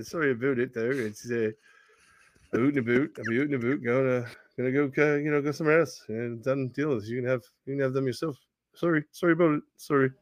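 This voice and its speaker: A man's voice: mid-range voice, no echo, close to an everyday voice. A man voicing an overly apologetic Canadian man in a mock Canadian accent, repeating his apologies again and again.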